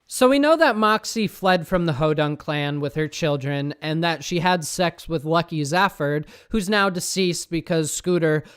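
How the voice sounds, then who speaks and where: A man's voice: a little high, normal speed, few pauses, fairly bright tone, smooth. A man narrating video game lore in a casual tone, dropping wry asides.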